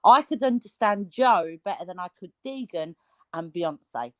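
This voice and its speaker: British woman co-host, animated sweary storyteller, dry and dull lo-fi sound. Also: on the low side, measured pace, no room sound. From Britain. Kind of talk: casual chat.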